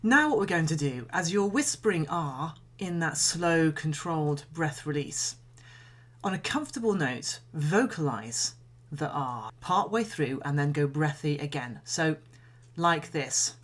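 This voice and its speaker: A woman singing coach giving a calm, measured voice lesson, explaining and demonstrating breathing exercises. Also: low-pitched. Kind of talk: instructional voice lesson.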